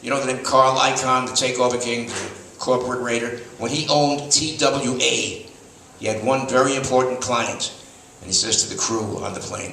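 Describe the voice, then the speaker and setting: A man's voice: mid-range voice, fairly even intonation, moderate pace, vocal fry, few pauses, bright, forceful tone, a little hiss or hum. An older man telling rambling show-business anecdotes on stage before a live audience, restarting often. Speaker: stand-up storyteller, veteran TV host. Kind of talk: stand-up anecdotes. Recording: echoey room, mic at a distance, faint ambience.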